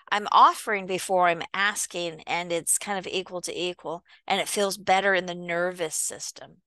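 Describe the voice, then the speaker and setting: A woman giving an earnest motivational talk, speaking deliberately and acting out small everyday conversations. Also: lowish voice, a bit bright, clean tone, no room sound. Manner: earnest, slow and deliberate, acts out little dialogues. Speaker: self-help speaker. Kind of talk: reflective motivational monologue.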